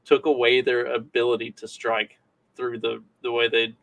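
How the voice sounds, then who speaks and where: A man's voice: mid-range voice, completely flat delivery, moderate pace, a bit bright, dry recording. A man co-hosting a podcast in casual political chat, making wry, sarcastic asides. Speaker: podcast co-host.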